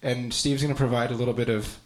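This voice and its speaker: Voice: medium pitch, steady tone, quick pace. A musician guest on a radio show, joking and playful while explaining the next part of the set. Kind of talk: casual radio interview chat.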